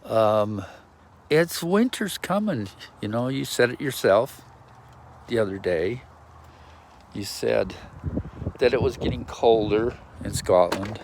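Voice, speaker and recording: A man talks to the camera in a slow, unhurried ramble, his voice sitting a little low. He wanders from thought to thought, restarting sentences and filling gaps with ums. Faint outdoor ambience hangs behind the handheld phone recording. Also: expressive, slight background noise. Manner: meandering, self-interrupting, lots of ums and restarts. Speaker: vlogger. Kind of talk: rambling outdoor video message. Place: outdoors in a yard.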